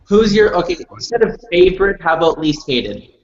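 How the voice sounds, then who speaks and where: A man's voice: high voice, sing-song, brisk. A man steering a casual online debate chat, asking questions with hesitant fillers over a video call. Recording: roomy, dull lo-fi call audio.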